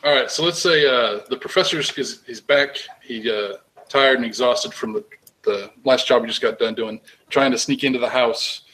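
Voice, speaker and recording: A man's voice: medium pitch, moderate pace, a bit bright, low-quality recording. A man running a tabletop role-playing game, laid-back, with many filler sounds. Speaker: game master. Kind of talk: casual game narration.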